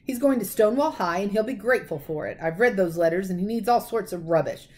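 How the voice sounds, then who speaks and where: A woman voicing a blustering, bullying middle-aged uncle, loud and slow, in a storybook reading. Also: mid-range voice, lively intonation, natural voice. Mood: furious.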